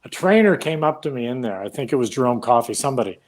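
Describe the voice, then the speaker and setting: A man, a guest on an interview show, telling long anecdotes in a casual, animated way and acting out the dialogue. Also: medium pitch, fast. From Canada. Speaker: guest, retired boxer. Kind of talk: casual storytelling.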